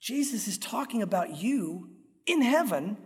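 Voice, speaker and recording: Middle-aged pastor guy preaching, high voice, lots of hall reverb. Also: a little slow. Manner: earnest, animated, acts out crowd voices. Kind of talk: sermon. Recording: echoey hall with long reverb.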